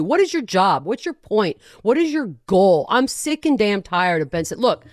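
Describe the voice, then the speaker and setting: A woman hosting a podcast in casual chat, animated and sarcastic, often breaking into rants. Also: medium pitch, moderate pace, few pauses, no room sound, studio quality. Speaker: podcast host.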